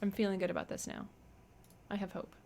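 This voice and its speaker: A woman's voice: mid-range voice, little pitch movement, mellow, faint music behind. A woman hosting a game stream, chatty and gushing as she plays and talks with developers. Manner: bubbly, chatty, quick to gush. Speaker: stream host playing games. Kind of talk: casual game stream chat.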